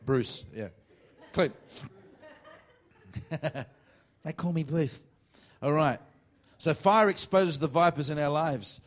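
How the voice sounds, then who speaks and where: A man preaching a sermon as pastor, mixing jokey, teasing asides to the congregation with emphatic preaching and slow, deliberate scripture reading. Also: fairly high pitch. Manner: reads scripture slowly and deliberately.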